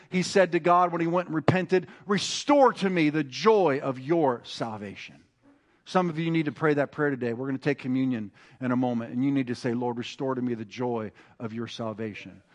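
A man with a slightly high voice preaches a sermon, shifting from quiet, conversational asides into rising, emphatic exhortation and often restarting his sentences.

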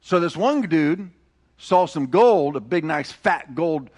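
A man's voice: a little high, expressive, slow pace, a little mellow. A man pastor preaching an emphatic sermon, calling on the congregation to repeat phrases after him. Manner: emphatic, calls for congregation responses.

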